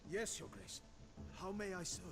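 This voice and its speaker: An actor playing a respectful former palace servant who speaks in a hushed voice. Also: male voice, sits high, sing-song, normal speed. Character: deferential male palace servant.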